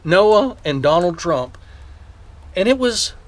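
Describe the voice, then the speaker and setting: High-voiced excited male vlogger. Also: slow, heavy background noise. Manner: eager, rambling retelling with profanity. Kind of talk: excited personal storytelling to camera.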